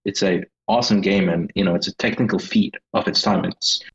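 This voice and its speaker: A man's voice: low voice, steady tone, brisk, highs cut off. A man with a Swedish accent, a game designer talking hesitantly as a guest and searching for his words. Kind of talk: casual interview chat.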